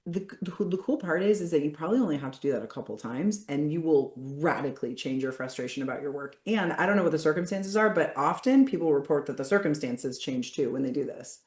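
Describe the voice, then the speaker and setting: A woman coach leading a group session over a video call, blunt and energetic, swearing casually. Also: sits low, quick pace, few pauses, roomy sound.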